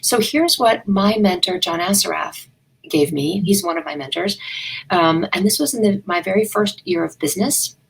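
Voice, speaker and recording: A woman's voice: lowish voice, moderate pace, creaky, rough recording. A woman business coach, a guest in a live online interview, speaking earnestly and emphatically. She repeats phrases for effect and tells candid, self-deprecating stories.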